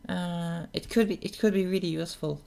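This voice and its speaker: A young adult giving a casual voice-training tutorial in a feminine voice, soft-spoken and hesitant, full of restarts and fillers. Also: mid-range voice, steady tone, brisk, vocal fry.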